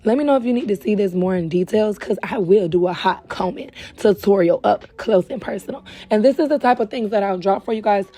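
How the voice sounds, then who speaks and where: Young woman, wig tutorial host, chatty, a bit hoarse and winded, mellow dark tone. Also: mid-range voice, a little fast, few pauses. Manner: chatty, calls viewers girl and baby. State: tired and hoarse, short of breath. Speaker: beauty supply wig stylist host. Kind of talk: casual tutorial talk to camera. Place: indoors at home.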